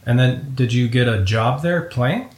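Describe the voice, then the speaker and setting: A male podcast host with a mid-range voice asks curious, clarifying questions in a relaxed conversational tone. His voice has a roomy echo around it. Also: mid-range voice, measured pace. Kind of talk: conversational interview.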